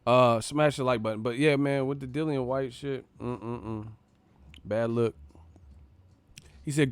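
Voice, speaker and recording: A man hosting a live stream from a multi-camera setup. His voice is smooth and clear, close and dry with no room sound. He talks in a loose, profane, joking way and laughs easily. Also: mid-range voice, steady tone, unhurried, pauses often, dry recording. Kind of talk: casual live-stream chat.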